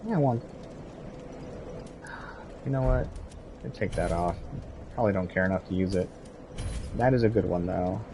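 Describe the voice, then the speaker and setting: A man's voice: low voice, moderate pace, pauses often, background noise. A young man streaming a video game, chatting casually with his viewers and cheering on his in-game companion. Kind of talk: casual gameplay commentary.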